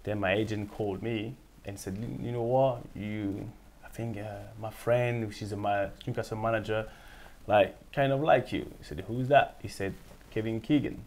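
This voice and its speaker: A man's voice: on the low side, normal speed. A man from France, speaking English with a French accent, telling his story as an interview guest and acting out the people in it. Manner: animated, acts out quoted voices, laughs often. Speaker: guest, former footballer.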